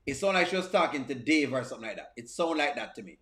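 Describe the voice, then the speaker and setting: A man's voice: mid-range voice, animated, fast, fairly bright tone. A man hosting a live reaction stream, reading out viewer comments and repeating himself with stammering restarts.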